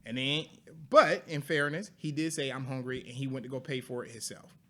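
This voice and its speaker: A man in casual conversation, telling animated stories about his household and acting out what was said. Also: medium pitch, brisk, slight background noise. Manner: animated storytelling, acts out quotes. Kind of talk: casual chat.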